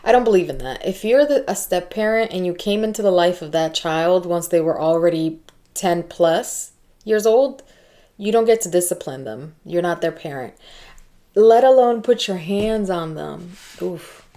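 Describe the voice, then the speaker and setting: A woman's voice: lowish voice, normal speed, dark tone. A woman hosting a reaction video, speaking bluntly and outspokenly in casual commentary. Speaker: reaction channel host.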